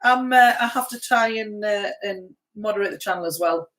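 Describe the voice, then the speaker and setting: A woman's voice: medium pitch, normal speed, fairly bright tone. A woman co-hosting a casual live stream who teases her partner and reads viewer comments aloud. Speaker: co-host and chat moderator.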